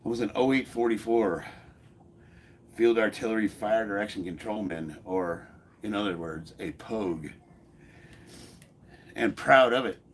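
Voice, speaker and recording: A man's voice: lowish voice, a little slow, pauses often, a little hiss or hum. A man in his forties chatting casually in his home garage gym, reading comments aloud, blunt and joking, laughing often and swearing freely. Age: 40s. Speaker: fitness YouTuber.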